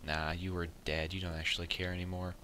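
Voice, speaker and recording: Deep-voiced, cursing young gamer guy. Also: little pitch movement, fast talker, sharp tone, a little hiss or hum. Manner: frustrated, swears often, mutters at the game. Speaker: let's play gamer. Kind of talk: casual gameplay commentary.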